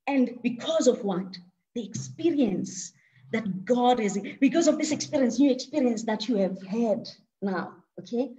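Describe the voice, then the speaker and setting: A woman's voice: fairly high pitch, expressive, unhurried, dark tone, dull audio. A woman leading an interactive online talk, asking the audience questions and often repeating words as she thinks aloud. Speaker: speaker leading an online discussion.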